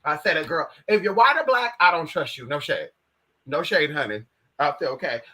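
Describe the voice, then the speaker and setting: An American woman vlogging in casual chat, brash and profane, swinging between loud outbursts and low asides. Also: lively intonation, moderate pace, background noise. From United States. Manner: brash, profane, addresses viewers as girl and bitch.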